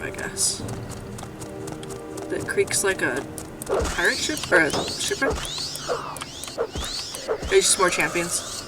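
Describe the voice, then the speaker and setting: A woman giving casual, chatty commentary while playing a game, swearing freely and breaking into loud outrage. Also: on the low side, distant mic. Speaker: gameplay commentator. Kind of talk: casual let's-play commentary.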